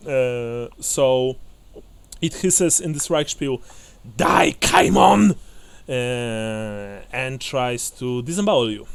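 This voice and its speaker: A man narrating as game master of a tabletop game, hesitant with many fillers and restarts, often breaking into quick laughs. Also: medium pitch, darkish tone.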